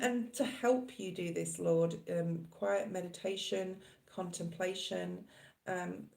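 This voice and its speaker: A woman's voice: fairly low pitch, gravelly, mellow, roomy sound. A middle-aged Australian woman giving a live tarot reading, chatting and rambling casually to her viewers. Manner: chatty, rambling, laughs often, addresses viewers by name. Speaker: tarot reader.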